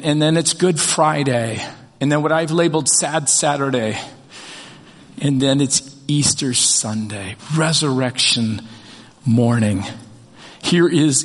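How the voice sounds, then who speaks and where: A man's voice: fairly high pitch, big-room sound. An older man preaching an Easter sermon as pastor, folksy and joking, telling light stories between points. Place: church sanctuary.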